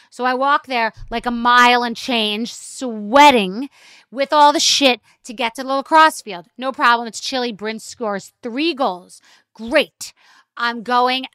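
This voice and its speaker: A woman's voice: a little high, measured pace, bright, forceful tone, smooth, dry recording, studio quality. A middle-aged woman host telling a rambling, self-deprecating story with swearing, in casual rant style. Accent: New York. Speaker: podcast host.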